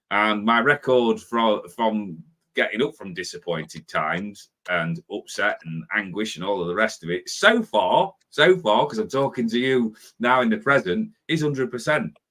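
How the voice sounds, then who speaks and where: A man in his fifties hosting a motivational talk as a spiritual life coach, lively and quick to act out his own impatient inner voice. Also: fairly low pitch. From Britain. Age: 50s.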